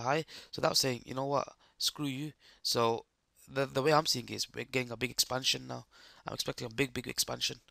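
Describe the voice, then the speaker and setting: A man with a hoarse, croaky voice giving live trading commentary, explaining chart steps and checking that the viewers follow. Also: medium pitch, sharp tone, no echo, clean studio sound. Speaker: trading streamer.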